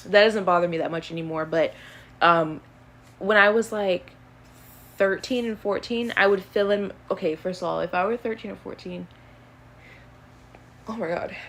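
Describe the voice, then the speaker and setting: A young woman in her early twenties talks in an easygoing, rambling way, filling gaps with "um" and "like" as she answers questions. Her voice sits a little lower than most women's. The delivery stays relaxed and conversational, as on a live stream. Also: a little hiss or hum. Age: early 20s. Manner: rambling, filler-heavy, easygoing. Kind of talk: casual chat answering questions.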